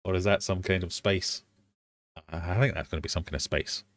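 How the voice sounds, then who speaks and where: A British man hosting a casual live quiz stream from his fish room, playful and quick to joke at himself. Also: deep voice, fairly even intonation. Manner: playful, jokey, laughs at himself.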